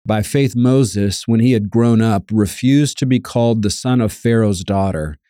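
Male preacher, low and mellow, earnest and emphatic sermon delivery. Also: unhurried, dry recording, clean studio sound. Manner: earnest, emphatic, repeats key lines; reads scripture aloud.

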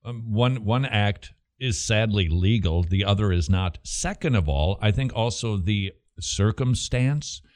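A man's voice: fairly low pitch, animated, measured pace, few pauses. A man hosting a talk radio show, answering listener questions emphatically and using plenty of rhetorical questions.

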